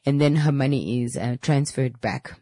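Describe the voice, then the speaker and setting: A woman running a beauty salon tells a story about a difficult client in an animated, casual way. She often repeats and restarts her words. Her voice is husky and dry, with no room sound. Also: a bass voice, normal speed, no echo.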